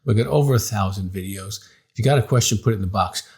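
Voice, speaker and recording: A middle-aged man, a psychologist and counseling director, giving direct-to-camera advice in an emphatic, animated storytelling way that acts out the dialogue. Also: lowish voice, fast talker, breathy edge.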